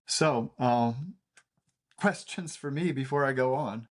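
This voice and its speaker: A cartoonist, older and medium-pitched, shares stories as an interview guest in a casual setting. His speech halts frequently, packed with fillers and false starts.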